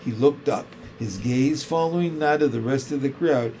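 A man reading a children's storybook aloud in a calm, measured way. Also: mid-range voice, a little hiss or hum. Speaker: narrator.

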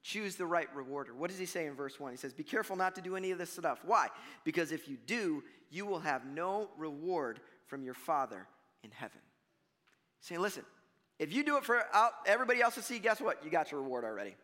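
A man's voice: a little high, brisk. A man preaching a sermon as pastor, talking conversationally to his congregation and acting out what people say. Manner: conversational, animated, acts out mock voices. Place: church sanctuary. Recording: long reverb of a church hall.

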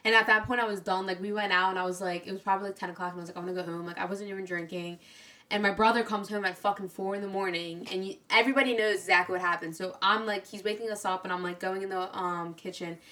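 A woman in her twenties co-hosting a podcast, telling animated stories in casual chat and swearing freely. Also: mid-range voice, fast talker. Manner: animated storytelling, heavy swearing. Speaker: podcast co-host.

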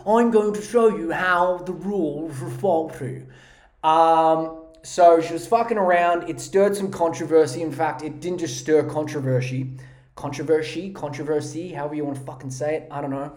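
A man's voice: on the high side, echoey room. A man hosting a podcast, ranting in a mocking, profane comedic style on a podcast mic. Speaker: podcast host.

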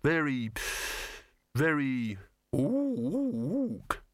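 A man's voice: on the high side, huge pitch swings, drawn-out words, dry recording, clean studio sound, pitched above the performer's own voice, heavily acted. A man doing an earnest unsure young hero.

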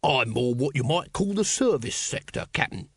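A man voicing a shifty male street hawker in an audiobook, with a husky, gravelly voice and wheedling sales patter. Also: medium pitch, lively intonation, normal speed, dry recording, clean studio sound. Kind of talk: audiobook character voice.

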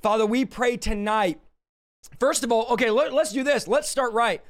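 A man preaching and leading prayer on a livestream, urgent and exhorting, his voice hoarse and his throat scratchy. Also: very high voice, moderate pace.

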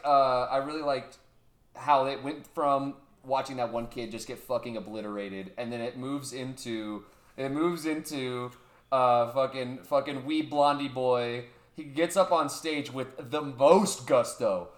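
A man's voice: medium pitch, measured pace. A young man co-hosting a podcast, telling jokey, profane stories about a show in casual chat. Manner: animated, profane, jokey storytelling. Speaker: podcast co-host. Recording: roomy echo.

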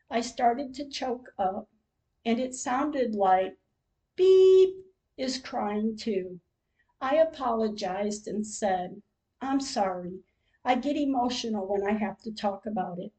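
Slow, mellow-voiced older woman recounting. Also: fairly high pitch, low-quality recording. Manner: slow, measured storytelling with emotional moments. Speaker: podcast host. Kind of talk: reading a personal diary-style account.

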